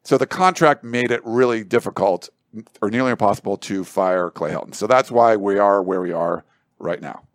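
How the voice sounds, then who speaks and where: A man's voice: on the low side, moderate pace, no room sound, studio quality. A man giving sports analysis on a panel show, talking in a loose, rambling way with lots of fillers. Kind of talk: casual panel discussion.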